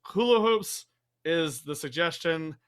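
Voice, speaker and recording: Bright-voiced man leading an improv game. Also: fairly high pitch, lively intonation, slow pace. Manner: rambling, self-deprecating asides. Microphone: video call.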